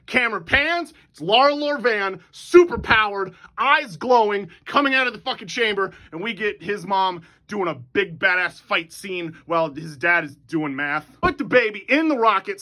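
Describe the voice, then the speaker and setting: A man telling a movie pitch as a comedic story, in an excitable, profane, rapid-fire recap style. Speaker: movie pitch channel host.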